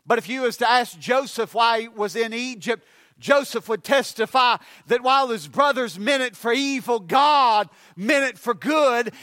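A man preaching a sermon, building his points with repetition and rising to shouts on key lines. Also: very high-pitched, moderate pace, no echo.

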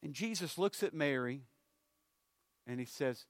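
Preacher guy, swings from big rising calls to low hushed bits, dry sound. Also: lively intonation, measured pace, no echo. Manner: swings between loud, rising appeals and low, hushed phrases. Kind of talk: sermon.

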